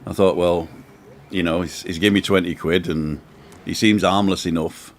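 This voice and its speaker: A man's voice: low-pitched, steady tone, moderate pace, slight background noise. A man tells a long, chatty story on his live show, wandering off into asides as he goes. He speaks casually from an outdoor balcony in the sun. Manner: chatty, rambling anecdotes with asides. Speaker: host.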